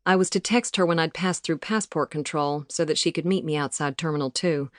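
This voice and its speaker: Low-voiced woman narrating an audiobook. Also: brisk, no echo, clean studio sound. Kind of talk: scripted narration. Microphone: studio mic, close.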